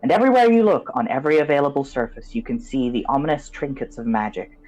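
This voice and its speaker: A man's voice: mid-range voice, lively intonation, fast talker, darkish tone, poor audio. A man as game master, giving vivid descriptive narration of a tabletop game and turning loose with fillers when he improvises.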